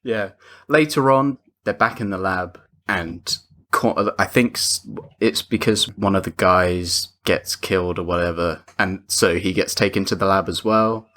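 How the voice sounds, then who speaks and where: A man's voice: sits low, a little slow, sharp tone. A man co-hosting a podcast who recaps film scenes in loose casual chat and often chimes in with agreement. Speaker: podcast co-host.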